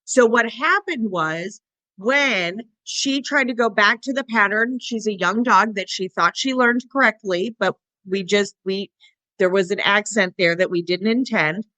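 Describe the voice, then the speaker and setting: A woman co-hosting a podcast about dog training, talking in a relaxed, chatty way. Her voice is bright and forward, recorded dry and close with no room sound. She slips into quick little voices for the dogs and their owners. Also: mid-range voice, no room sound. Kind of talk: casual podcast conversation.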